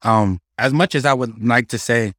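A young man hosting a casual solo podcast, telling stories in an animated, profane, slang-heavy way. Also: medium pitch, moderate pace, no room sound, clean studio sound. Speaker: podcast host.

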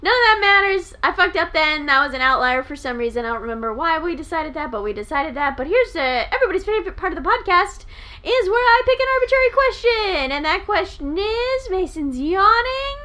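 A woman co-hosting a podcast in a casual chat, excitable and teasing, swearing freely. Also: very high voice, fairly quick. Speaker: podcast co-host.

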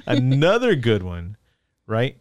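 A man's voice: medium pitch, wildly swooping pitch, slow, no echo. A man co-hosting a casual movie podcast, joking, laughing often and acting out quotes from the film. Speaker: podcast co-host.

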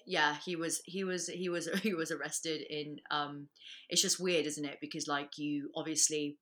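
A woman, a guest on a casual chat podcast, talking bluntly and swearing freely with lots of quick restarts. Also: low voice, steady tone, fairly bright tone.

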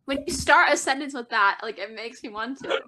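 A woman's voice: fairly high pitch, brisk, crowd noise, poor audio. A young woman co-hosting a podcast in casual chat, giggly and upbeat. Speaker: podcast co-host.

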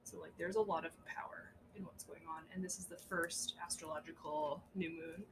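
A woman's voice: low voice, fairly even intonation, normal speed, noisy background. A woman co-hosting a podcast, chatting casually about astrology and spirituality, swearing freely and laughing often. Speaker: podcast co-host. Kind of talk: casual chat.

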